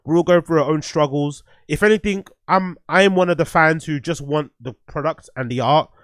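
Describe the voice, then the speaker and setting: A blunt man hosts a casual livestream, swearing freely and circling back over his points. His voice sits a little high for a man. The recording is close and dry. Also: brisk, fairly bright tone, dry recording. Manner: blunt, profane, rambling with restarts. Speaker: streamer host reviewing music.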